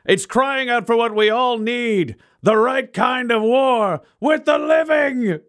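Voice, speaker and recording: A man voicing a grandstanding showman who rouses an arena crowd with slow, bombastic, shouted speeches in a tabletop game. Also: very high-pitched, voice pushed up, full character voice. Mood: grandiose. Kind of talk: tabletop game role-play.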